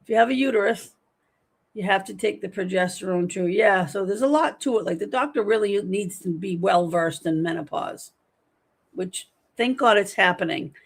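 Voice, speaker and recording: A woman's voice: medium pitch, normal speed, breathy edge. Chatty middle-aged woman hosting a livestream. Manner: chatty, animated, reads viewer comments aloud. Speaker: livestream host. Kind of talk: casual livestream chat reading comments.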